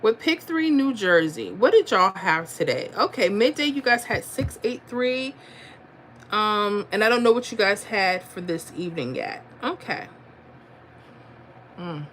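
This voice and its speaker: A woman chats loosely on a home livestream, reading out viewer comments and thinking aloud as she goes. Her pitch sits in a middling range, and faint background noise runs under her voice. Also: expressive, unhurried, a bit bright. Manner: chatty, reads viewer comments, thinks aloud over numbers. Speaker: lottery livestream host. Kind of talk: casual livestream chat.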